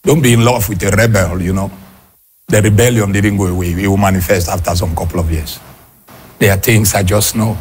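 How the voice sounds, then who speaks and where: A man preaching a sermon as pastor, switching between shouted, sing-song peaks and low, quick asides to the congregation. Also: steady tone, husky. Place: church.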